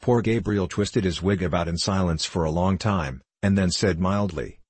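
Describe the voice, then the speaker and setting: A man narrating a classic novel in measured storytelling. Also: low-pitched, darkish tone, husky, no room sound. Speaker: audiobook narrator. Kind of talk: scripted narration.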